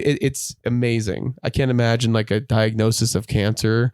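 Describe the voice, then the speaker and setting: A man's voice: medium pitch, steady tone, moderate pace, darkish tone, smooth, dry recording, studio quality. A man hosting a podcast in casual chat, rambling with lots of "like" and acting out quoted voices as he retells stories. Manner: rambling, heavy use of "like". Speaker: podcast host.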